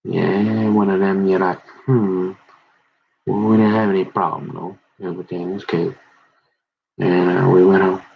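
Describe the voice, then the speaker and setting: A middle-aged man with a husky, somewhat low voice rambles through memories from his school days, acting out the people he quotes. The recording sounds dull and lo-fi. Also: measured pace. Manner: rambling, quoting others in animated voices. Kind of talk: casual storytelling about high school memories.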